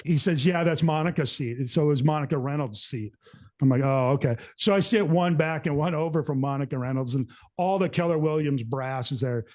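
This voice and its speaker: A middle-aged man hosting a show, telling a story in a rambling, animated way and acting out what people said. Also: on the high side, a little fast. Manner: rambling, animated, acts out quotes. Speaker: show host. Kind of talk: casual storytelling to co-hosts.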